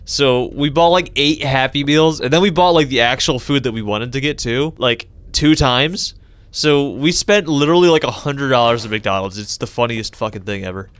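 A young man doing let's-play commentary on a horror game, joking and swearing, with sudden high yelps when startled. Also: moderate pace, fairly bright tone, clean tone, no room sound. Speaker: gaming YouTuber.

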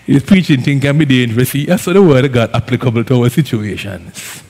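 A man with an Antiguan accent preaching a sermon as a pastor, lively and conversational, with Caribbean phrasing. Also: mid-range voice, a little fast, few pauses, breathy edge. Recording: long hall reverb.

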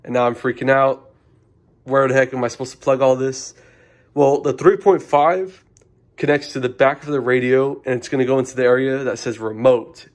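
Young adult male, informal DIY explainer, chatty and rambling, mid pitch. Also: steady tone, normal speed. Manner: rambling, informal, self-correcting. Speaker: car audio DIY reviewer. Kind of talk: casual how-to explanation.

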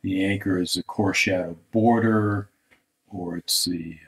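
A man with a very low voice talks slowly through an art critique. He pauses often and lets some phrases trail off into quiet mutters as he works. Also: fairly even intonation, poor audio. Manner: thoughtful, halting, trails off into soft mutters. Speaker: art instructor. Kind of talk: live drawing critique.

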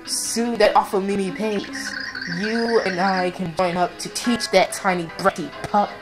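A woman's voice: mid-range voice, fairly even intonation, natural voice, low-quality recording. A woman putting on a British-accented hiding lady. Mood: rhyming. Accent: British, put on. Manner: slow, rhyming recital. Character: timid female figure hiding in a mansion. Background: game music.

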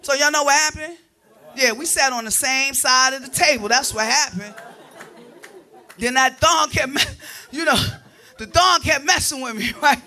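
A woman performing stand-up comedy on a club stage, telling animated stories that break into shrieks and laughter. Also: sits high, moderate pace, long pauses, some chatter behind.

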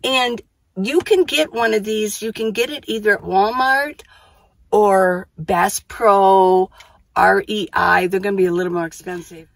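A woman's voice: mid-range voice, a little slow, vocal fry, no echo. A woman vlogging about living full time in her minivan, chatting to the camera in a casual way, repeating herself and thinking aloud as she goes. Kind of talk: casual vlog talk to camera. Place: outdoors then inside a minivan.

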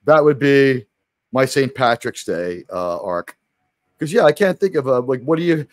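A man's voice: mid-range voice, lively intonation, normal speed, dry recording. Rambling man talking movies, dry sound. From New York City. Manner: rambling, many restarts and fillers, swears casually. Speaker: stream host. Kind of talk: casual chat about movies.

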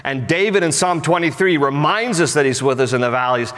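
A man's voice: fairly high pitch, fairly quick, fairly bright tone. A male pastor preaching a sermon in a church, storytelling with humor. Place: church sanctuary. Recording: echoey church hall.

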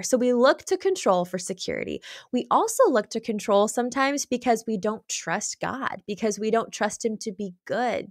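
A woman's voice: mid-range voice, dry recording, studio quality. A woman speaking earnestly and openly as a guest in an interview, with light laughs between thoughts. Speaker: podcast guest, author. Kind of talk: candid conversational interview.

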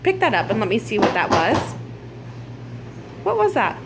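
At home in the kitchen, a mother films a casual family vlog, teasing playfully and laughing often while a dishwasher runs. She speaks at normal speed in a medium-pitched voice with big pitch swings.

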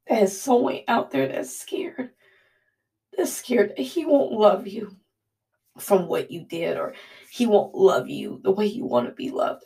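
A woman giving a heartfelt spoken devotional in an earnest, halting, emotional way. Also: medium pitch, creaky, dark tone, recorded from a distance. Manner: Southern-style "y'all". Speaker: devotional speaker.

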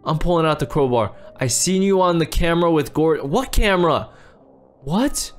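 Man, high voice, frantic game role-play, repeats words, faint music behind. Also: animated, moderate pace. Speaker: role-play creator and lead player. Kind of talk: Minecraft role-play acting.

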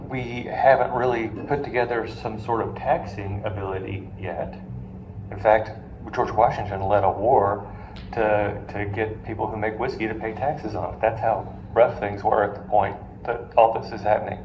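A man's voice: medium pitch, a little mellow. A man lecturing to a live classroom, telling stories and putting questions to the students with jokey asides. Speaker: finance lecturer. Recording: roomy classroom with faint noise.

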